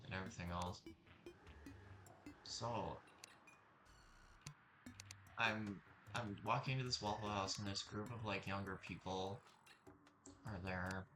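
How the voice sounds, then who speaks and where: A young man telling a rambling personal story in a casual way, with many fillers and restarts. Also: fairly low pitch. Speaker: vlogger. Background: music.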